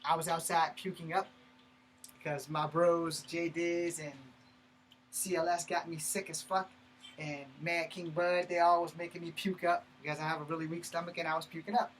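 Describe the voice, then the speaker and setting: A man's voice: fairly high pitch, flat delivery, moderate pace, a bit bright, slight background noise, low-quality recording. Blunt, profane male storyteller. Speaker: martial arts channel host. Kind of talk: personal story told to camera.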